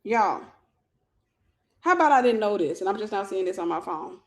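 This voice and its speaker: Animated woman retelling a story. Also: mid-range voice, moderate pace, roomy sound. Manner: animated retelling, acts out dialogue. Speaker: vlog host. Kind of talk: storytelling vlog.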